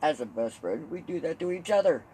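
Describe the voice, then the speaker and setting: A man hosting a podcast, chatting casually and telling animated stories with swearing, laughter and mimicked voices. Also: fairly high pitch, brisk, slight background noise, rough recording. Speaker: podcast host. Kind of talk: casual chat.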